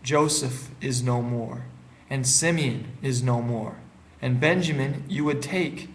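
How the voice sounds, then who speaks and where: A man reading the part of a grieving old father, speaking slowly and heavily. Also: mid-range voice, slight background noise, close to an everyday voice, low-quality recording.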